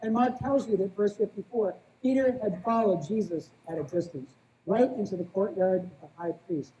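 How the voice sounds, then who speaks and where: A male pastor preaches a plain-spoken, conversational sermon, calling himself a small-town guy and often checking in with the congregation by asking "right?". His voice sits high and mellow at normal speed, though the audio is dull.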